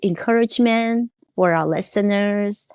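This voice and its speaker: A woman hosting a podcast interview, agreeable and quick with murmured backchannels. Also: mid-range voice, a little mellow, clear, resonant tone, no room sound, studio quality. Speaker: podcast host. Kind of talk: casual interview chat.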